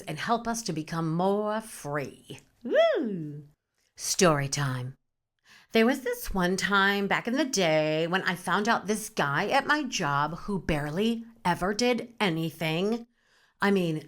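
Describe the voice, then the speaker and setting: A woman with a lowish, fairly bright voice hosts a podcast, delivering a comedic spiritual monologue. She's playful and sassy, swearing freely and tossing around pet names.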